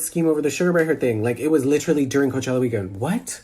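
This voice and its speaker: A man ranting in disbelief on a phone video call, animated and exasperated. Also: mid-range voice, very fast, slightly rough. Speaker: social media personality. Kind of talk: casual rant on a video call.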